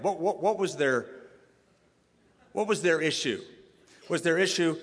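A man preaching a sermon as pastor, emphatic and animated, asking rhetorical questions and stressing his points. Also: fairly high pitch, unhurried, long pauses, breathy edge, long reverb tail.

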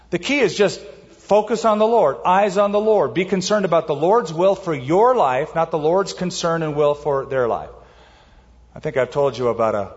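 A man preaching a sermon as a pastor, emphatic, slowing down to stress key words. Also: fairly high pitch. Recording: dull audio with long hall reverb.

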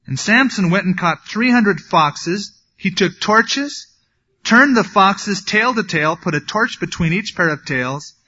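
Male pastor, slightly high voice, bright tone, casual Bible teaching with wry asides, dull lo-fi recording. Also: lively intonation, measured pace, husky. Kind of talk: sermon.

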